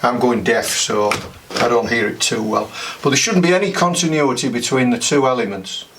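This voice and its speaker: A man's voice: mid-range voice, moderate pace. An older man demonstrating antenna building and soldering, chatting and thinking aloud as he works. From United Kingdom. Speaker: amateur radio hobbyist. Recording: distant mic with clear background noise.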